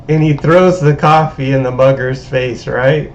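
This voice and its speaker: A man streams a game while chatting over a voice call, rambling through stories and laughing at them himself. His fairly high voice has little pitch movement and a darkish tone, at a moderate pace with hardly any pauses. The call audio is dull and lo-fi, with a little hiss or hum.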